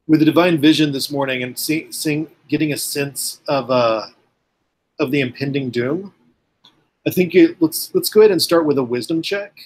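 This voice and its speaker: A man's voice: a little high, moderate pace. A man running a tabletop game as game master, rambling with many ums and uhs.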